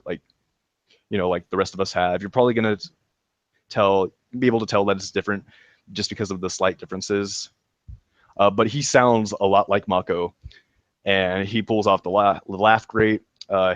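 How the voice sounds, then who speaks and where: A man with a fairly low voice eagerly recaps a show in casual podcast chat. He laughs often and trips over his words with ums and restarts. The sound is dry and close, with no room around it. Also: dry recording, dull audio. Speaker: podcast co-host reviewing a show.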